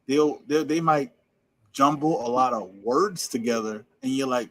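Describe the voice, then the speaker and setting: A man co-hosting a podcast in casual chat, talking fast and running words together, laughing often. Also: mid-range voice, fairly bright tone, rough recording. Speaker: podcast co-host.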